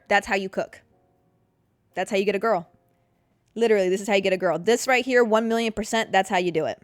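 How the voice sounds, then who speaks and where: A woman's voice: medium pitch, fast, dry recording, clean studio sound, faint music behind. A woman hosting a podcast, giving casual dating advice in a chatty way, with many fillers and frequent "okay?". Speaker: podcast host.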